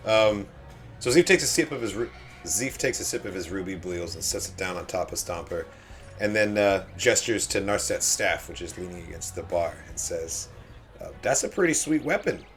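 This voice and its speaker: A man's voice: deep voice, moderate pace, faint music behind. A man as a tabletop game player, describing his moves in a hesitant, rambling way. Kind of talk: casual game table chat.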